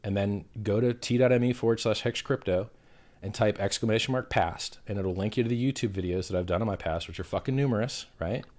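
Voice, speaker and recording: A man's voice: lowish voice, fast, darkish tone. A man being interviewed on a livestream, combative and profane, who hurls insults while defending himself. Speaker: interview guest.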